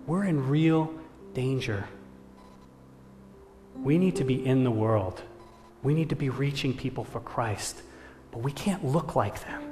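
A man preaching a sermon as pastor, earnest and measured, inviting the congregation to prayer. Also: medium pitch. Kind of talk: sermon with storytelling. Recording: reverberant hall with faint music.

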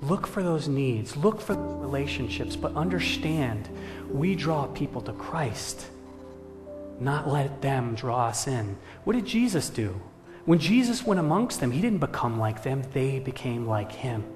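A male pastor gives an earnest, measured sermon in an ordinary mid-range voice. A long reverb from the church hall follows his words, and faint music sits under the speech. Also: medium pitch, sing-song. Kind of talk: sermon with storytelling.

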